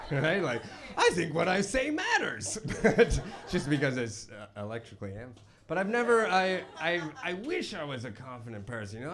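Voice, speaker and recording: A young man doing a self-deprecating stand-up set on stage, rambling with restarts and fillers. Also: a little high. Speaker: stand-up comedian. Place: basement comedy club stage. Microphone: handheld stage microphone. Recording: live club with crowd laughter. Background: audience laughing.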